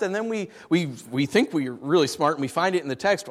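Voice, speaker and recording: A man delivers a lively sermon in a notably high voice. He swings between loud, excited points and near-whispers, acting out the voices of his listeners along the way. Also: moderate pace. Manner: acts out listeners' voices in asides. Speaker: pastor.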